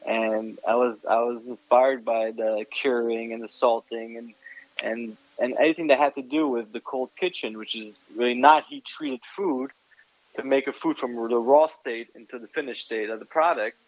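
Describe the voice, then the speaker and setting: A man in his thirties with an American accent, a chef answering interview questions in a halting way, restarting and repeating words. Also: mid-range voice, no room sound, low-quality recording. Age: 30s. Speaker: guest chef.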